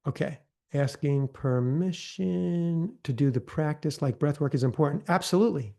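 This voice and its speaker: A man leading a live training session, talking casually and often checking in with "right?", acting out gentle counselor prompts in a softer voice. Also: fairly high pitch, moderate pace, gravelly. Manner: conversational, often tags lines with "right?". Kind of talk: live online training talk.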